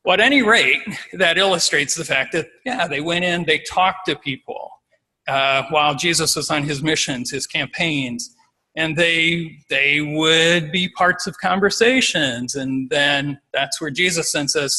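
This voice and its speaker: A man's voice: on the high side, a little slow, sharp tone, rough recording. A man giving an informal, conversational sermon as a lay preacher, acting out scenes as he goes.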